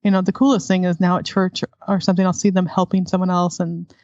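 A woman with a fairly low voice talks candidly, laughing often as she tells stories from home. The sound is dry and a little dull. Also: level tone, fast, darkish tone, dry recording. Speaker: guest, adoptive homeschooling mother. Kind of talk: conversational interview.

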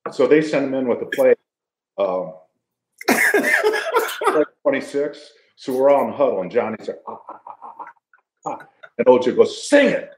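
This older man has a mellow, mid-range voice and laughs easily while telling funny stories from his football days. He's a retired player speaking casually as a guest. The recording is low quality and reverberant.

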